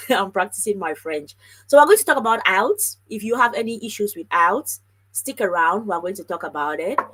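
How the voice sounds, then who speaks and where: Woman, live-stream host, breathy, lively and chatty, speaks straight to viewers. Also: mid-range voice, moderate pace, rough recording. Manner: chatty, animated, talks straight to viewers and reads comments aloud. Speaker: livestream host on scholarships. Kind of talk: casual live-stream chat.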